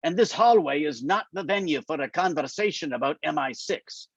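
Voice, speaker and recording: Angus, a man reading as a gruff elder. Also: a little high, animated, moderate pace, dry recording. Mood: teasing. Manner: dry, mocking. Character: gruff, teasing older Scottish male politician. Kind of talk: reading aloud from a novel. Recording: muffled lo-fi dry sound.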